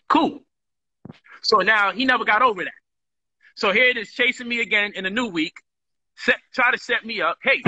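A man with a husky voice recounts an argument, acting out both sides in a streetwise, animated way. His tone is sharp and bright, a little high for a man. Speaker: talk show host. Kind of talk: casual storytelling monologue.

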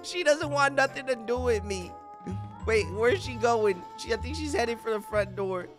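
A young man commentating his gameplay, animated and slangy, reading chat lines aloud. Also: very high voice, normal speed, music in the background. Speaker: gaming YouTuber.

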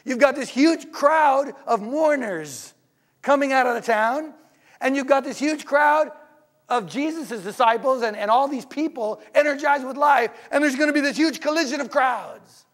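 High-voiced preacher asking rhetorical questions. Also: male voice, moderate pace. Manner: conversational, animated, asks the congregation frequent rhetorical questions. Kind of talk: sermon. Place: church.

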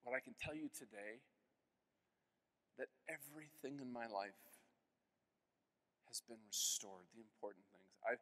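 A man's voice: mid-range voice, measured pace, pauses often, a bit bright, big-room sound. A man in his forties giving an earnest personal testimony at a conference, acting out the voices of people in his story. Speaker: conference speaker. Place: conference hall.

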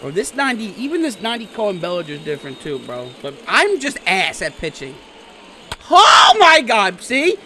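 A young man giving loud, swearing play-by-play reactions to a baseball video game, swinging from groans to shouts. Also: sits high, huge pitch swings, moderate pace, a little hiss or hum. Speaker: gaming YouTuber. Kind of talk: live gameplay reaction commentary.

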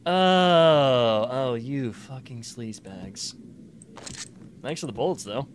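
A man's voice: mid-range voice, animated, slow pace, a little hiss or hum. A man hosting a let's play, chatting and cracking profane jokes as he plays. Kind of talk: gaming commentary.

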